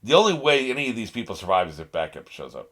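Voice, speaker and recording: Excitable man talking back at the screen. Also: on the low side, quick pace. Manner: excitable, talks back to the screen, laughs often, swears. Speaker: reaction channel host. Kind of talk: casual anime reaction commentary.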